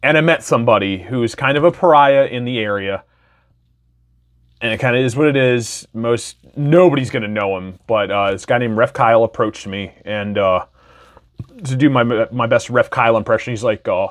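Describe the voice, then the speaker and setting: A man's voice: medium pitch, moderate pace. A man in his thirties from Wisconsin telling his personal story in a candid, enthusiastic, casual way. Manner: candid, enthusiastic, loose with fillers. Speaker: podcast host.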